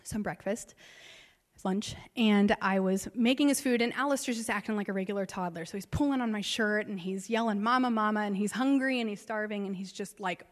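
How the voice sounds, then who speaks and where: A woman in her thirties, a pastor, telling a personal story in a sermon with emotional swings. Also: mid-range voice. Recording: long reverb of a large hall.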